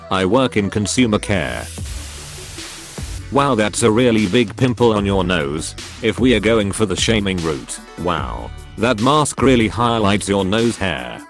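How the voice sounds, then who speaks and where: A man's synthetic voice reading forum posts aloud in a flat tone, misreading symbols and abbreviations. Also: on the low side, unhurried, soft background music. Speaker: narrator reading online posts.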